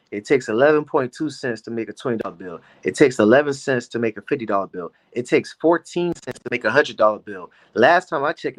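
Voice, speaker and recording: Man co-host, mid-pitched voice, loose conversational delivery. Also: low-quality recording. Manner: conversational, loose, asks questions. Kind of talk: casual chat.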